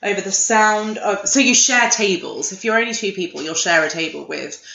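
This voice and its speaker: A woman's voice: mid-range voice, moderate pace, gravelly, pushed and bright, slight background noise. Woman chatting away, laughs a lot, kinda dull echoey recording. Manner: chatty, laughs often, restarts sentences. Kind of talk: casual chat. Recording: echoey room, slightly dull sound.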